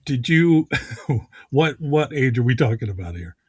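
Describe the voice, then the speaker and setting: A woman's voice: very deep voice, lively intonation, a little slow, husky. A woman co-hosting an interview show, teasing and playful in casual chat.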